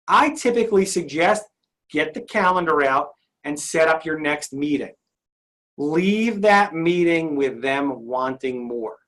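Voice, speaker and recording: Lively male sales trainer. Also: fairly high pitch. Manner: upbeat, asks the audience frequent questions. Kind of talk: interactive sales training session.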